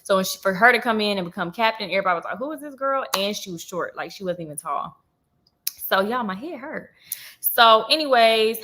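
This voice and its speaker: Bright-voiced chatty woman. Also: mid-range voice, quick pace. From Georgia, US. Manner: chatty, animated, acts out quoted voices. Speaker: vlogger. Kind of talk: casual storytime chat.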